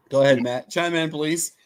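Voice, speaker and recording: A man hosting a casual podcast, who keeps laughing hard. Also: fairly high pitch. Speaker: podcast host. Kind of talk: casual banter.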